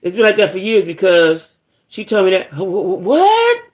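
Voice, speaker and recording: Middle-aged woman ranting on her livestream, swearing a lot and fed up, shouting out chat folks by name. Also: on the low side, steady tone, fairly quick. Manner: profane, venting, greets chat viewers by name. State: aggravated. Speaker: livestream host. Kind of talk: casual livestream rant.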